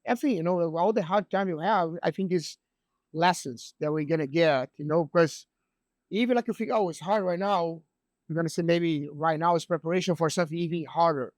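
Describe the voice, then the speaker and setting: Male podcast host; hesitant, thinking aloud; slightly high pitch, dry mic. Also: a little fast, no room sound. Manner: hesitant, thinking aloud, many "you know"s. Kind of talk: casual chat.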